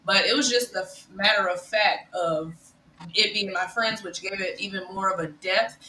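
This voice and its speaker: A woman on a talk show panel, telling a personal story in an animated way. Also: mid-range voice, moderate pace, roomy sound, slight background noise, rough recording. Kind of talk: casual panel chat.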